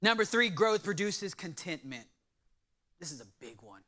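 A man preaching a sermon in an animated way, with joking asides to his congregation. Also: sits high, moderate pace. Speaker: pastor.

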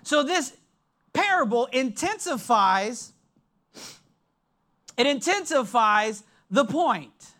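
A preacher giving a sermon in an emphatic, deliberate way, dropping his voice low to stress points. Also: sharp tone.

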